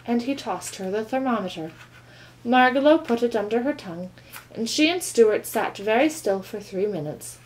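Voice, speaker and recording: A woman reading a children's novel aloud with calm, expressive storytelling. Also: a little high, normal speed, low-quality recording. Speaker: reader.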